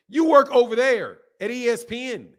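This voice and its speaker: An extremely high-pitched, animated male voice at normal speed belongs to a boxing channel host on a rant. He curses heatedly, hammers his points through repetition, and reads aloud comments from viewers.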